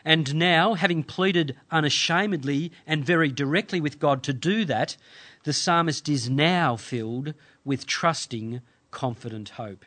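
Earnest male preacher, slightly high voice. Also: sharp tone. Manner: measured, earnest preaching with dramatic pauses. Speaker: pastor. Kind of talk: sermon.

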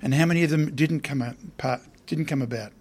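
A man's voice: a little high, brisk, darkish tone, breathy edge. A man preaching a sermon in a conversational way, often putting questions to his listeners.

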